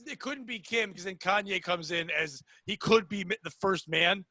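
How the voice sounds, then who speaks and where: A man co-hosting a comedy podcast, ranting loudly and crudely, swearing often. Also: sits high, normal speed, no room sound. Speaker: podcast co-host. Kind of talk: casual comedic podcast banter.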